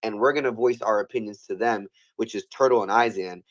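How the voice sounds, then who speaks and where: A man's voice: on the low side, a little fast. Profane storytelling man. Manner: animated, profane, many restarts, acts out quotes. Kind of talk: casual storytelling chat.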